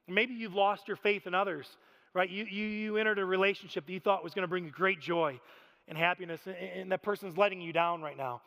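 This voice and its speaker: A man in his thirties preaching a sermon, telling stories in an animated, self-deprecating way with frequent laughter. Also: high-pitched, fast. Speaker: pastor. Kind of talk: storytelling sermon. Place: church sanctuary. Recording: reverberant church hall.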